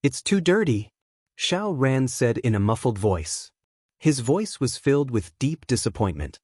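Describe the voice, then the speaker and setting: A man narrates an audiobook in an expressive way, with a pitch that rises and falls a lot. The recording is close and dry. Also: no room sound. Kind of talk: scripted narration.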